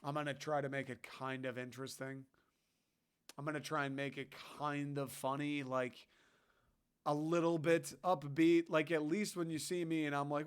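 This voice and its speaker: A young man, hosting a podcast and ranting casually in a sarcastic, animated way, swearing often. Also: on the high side, moderate pace, clean tone. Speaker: podcast host. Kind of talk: casual solo rant.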